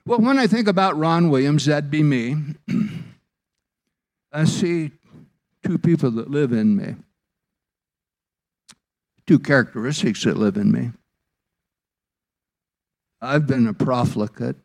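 A man preaching a sermon as pastor, slow and deliberate, lifting his voice for emphasis. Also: mid-range voice, animated, creaky, darkish tone.

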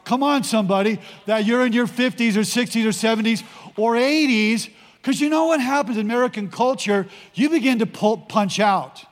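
A male pastor preaching a sermon to his congregation, animated and rallying the crowd in a church sanctuary. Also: very high-pitched, normal speed. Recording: long hall reverb.

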